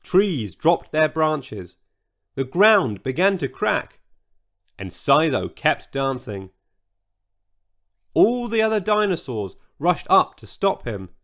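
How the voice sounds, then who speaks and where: A man reading a children's story aloud in an animated, expressive storytelling manner. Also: on the high side, slow, pauses often.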